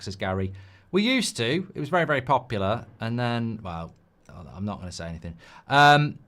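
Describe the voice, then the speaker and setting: A man's voice: lowish voice, big pitch swings, normal speed, fairly bright tone. A man hosting a live football watchalong, chatting in a rambling way and reading out viewer comments. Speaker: host.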